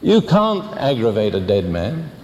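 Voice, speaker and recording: An older man preaching a sermon, teaching deliberately and asking pointed questions. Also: medium pitch, big pitch swings, in a large hall, heavy background noise.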